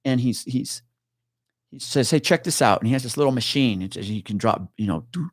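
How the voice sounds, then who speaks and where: A middle-aged retired police officer speaks a little fast in a medium-pitched voice, casually telling a tense story in an interview. He's animated, curses, and voices the people in the tale himself, and the clean studio sound carries no room noise.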